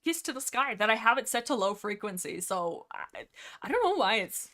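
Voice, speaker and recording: A woman hosting a casual livestream, rambling excitably about a book, laughing often and answering chat as she goes. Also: fairly high pitch, normal speed. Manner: reads and answers chat messages. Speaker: livestream host.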